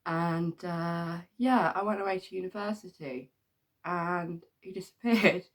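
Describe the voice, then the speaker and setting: A middle-aged Englishwoman who vlogs speaks on the low side and a little slowly. She spins rambling, casual tales with many ums and regular bursts of laughter.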